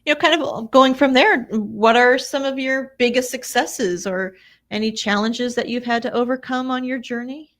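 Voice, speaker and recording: A woman's voice: on the high side, normal speed, fairly bright tone. A woman co-hosting a podcast interview over a video call, giving short affirming reactions and asking questions. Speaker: podcast co-host. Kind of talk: casual interview.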